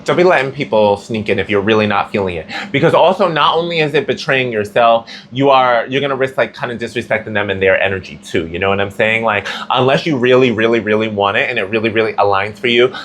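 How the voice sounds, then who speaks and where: A man's voice: medium pitch, fast talker, hardly any pauses, a bit bright, a little hiss or hum. A man giving a casual tarot reading, chatty and slangy, with plenty of filler words. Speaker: tarot reader.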